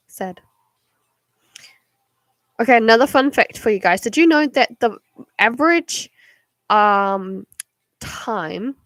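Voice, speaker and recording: A woman's voice: medium pitch, fairly bright tone, no room sound. A young woman with a New Zealand accent who chats and rambles on a live stream while waiting to do card readings. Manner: rambling, chatty, many fillers. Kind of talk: casual live-stream chat.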